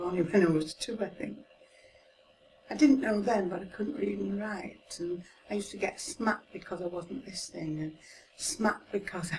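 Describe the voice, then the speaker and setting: A Manchester woman in her seventies, with a low-leaning voice full of vocal fry, chats through memories of her life as an interviewee. She speaks in a broad Mancunian accent, laughs a lot, and lets her sentences fade away softly. The hissy home recording was made with the microphone set well back from her.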